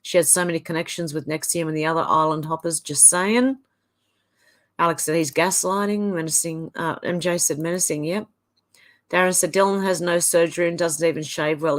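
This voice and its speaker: This is casual livestream chat from an Australian woman who reads her viewers' messages aloud in turn, adding short offhand remarks. She speaks in a low-pitched, steady voice at a moderate pace.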